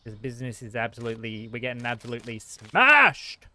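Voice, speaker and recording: A man's voice: medium pitch, very animated, a little fast, pushed and bright. A man streaming a store game, greeting customers in a shopkeeper voice and talking to himself, with frantic bursts when it gets busy. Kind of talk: casual gameplay chat.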